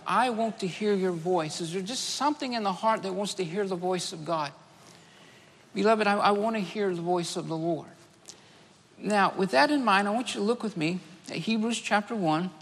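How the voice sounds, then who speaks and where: A man's voice: sits high, fairly bright tone. A man preaching a sermon to a congregation, earnest and full of rhetorical questions. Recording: echoey church hall reverb.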